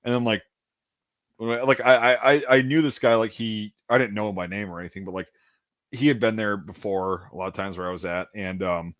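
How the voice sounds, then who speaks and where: A man's voice: fairly low pitch, steady tone, a little fast, a bit bright, no echo. A man from Wisconsin telling a rambling story in casual chat, repeating words and acting out what people said. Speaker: podcast host. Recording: dull lo-fi dry sound.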